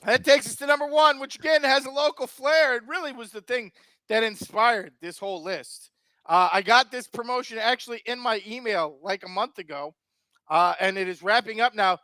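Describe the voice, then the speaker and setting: High-voiced man ranting sarcastically. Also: moderate pace, no echo. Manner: animated, sarcastic ranting, swears freely. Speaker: sports talk show host. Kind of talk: comedic sports talk rant.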